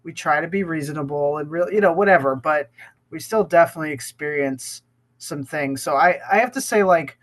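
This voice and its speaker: Chatty podcast guy, kinda high voice, got a cough, keeps restarting sentences. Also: a little fast. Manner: talkative, rambling with many restarts. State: sick with a cough. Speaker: podcast co-host. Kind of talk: casual podcast chat.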